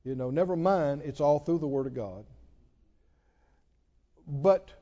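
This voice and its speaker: A middle-aged male pastor preaching a sermon, emphatic and rising to loud exclamations. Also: a little high, measured pace, muffled recording.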